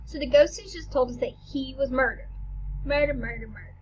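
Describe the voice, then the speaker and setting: A woman's voice: high-pitched, fairly quick, highs cut off, slight background noise. Jokey woman explaining a play. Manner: animated and jokey, with playful asides. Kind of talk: casual explanatory lesson.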